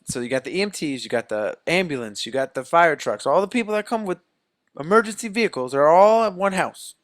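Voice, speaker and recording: A man co-hosting a podcast, excitedly retelling a film plot and acting out the characters' lines in a casual chat. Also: on the high side, fairly quick, background noise. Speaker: podcast co-host. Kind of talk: casual movie recap.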